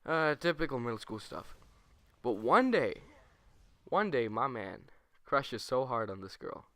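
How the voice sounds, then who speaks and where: A man's voice: mid-range voice, dry recording. Rambling young man telling a story. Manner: rambling, animated, self-correcting, with quick put-on quotes. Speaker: gaming channel host. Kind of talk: casual storytime over gameplay.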